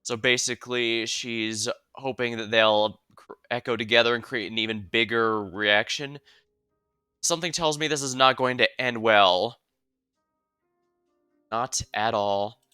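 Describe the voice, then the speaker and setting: A man's voice: medium pitch, steady tone, moderate pace, bright, forceful tone, clean tone, no room sound, studio quality, faint music behind. A young man streaming a game, making casual, rambling asides and correcting himself while reading a game's story aloud.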